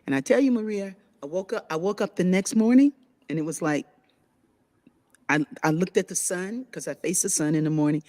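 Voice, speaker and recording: A woman's voice: fairly low pitch, fairly quick, soft background music. A woman hosting a spiritual conversation, telling a personal story with lots of laughter and murmured agreement. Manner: animated storytelling with frequent laughs and affirming murmurs. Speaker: host.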